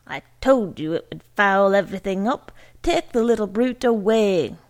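A gruff, grudging middle-aged father, read by a woman. He sounds rough and curt, in a gravelly voice that moves slowly. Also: mid-range voice, expressive.

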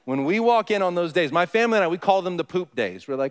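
Male pastor, conversational sermon delivery, slightly high voice, reverberant sanctuary. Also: lively intonation, fast talker, clean tone. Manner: conversational, asks the congregation questions. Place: church sanctuary. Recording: long reverb of a church hall.

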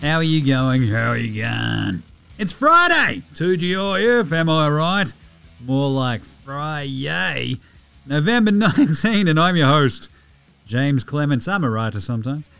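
A man's voice: on the high side, clear, resonant tone, dry recording. A man with an Australian accent hosting a podcast in casual, irreverent banter, reading an ad with jokes. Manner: jokey, irreverent, lively banter. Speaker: podcast host. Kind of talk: casual podcast chat and host-read ad. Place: podcast studio.

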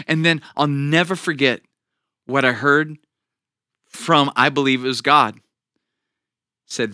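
A man's voice: on the high side, moderate pace, sharp tone, no echo, clean studio sound. A middle-aged man preaching a sermon as a pastor, telling a personal story earnestly with frequent restarts.

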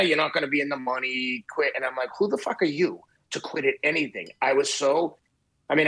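Husky, blunt-talking man in his fifties. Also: mid-range voice, poor audio. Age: 50s. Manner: blunt and profane, animated, acts out quoted dialogue. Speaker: guest, ultramarathon runner. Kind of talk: casual storytelling in an interview.

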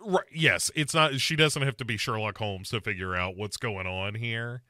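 A man's voice: fairly low pitch, moderate pace, bright, forceful tone, no room sound, studio quality. A man hosting a podcast, casually recapping a movie with wry mock quotes. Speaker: podcast host. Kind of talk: casual movie review chat.

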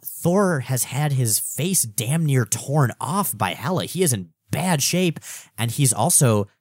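A man's voice: mid-range voice, expressive, slow pace, darkish tone, dry recording. A man hosting a podcast, giving a casual, enthusiastic recap of a comic book story. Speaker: podcast host.

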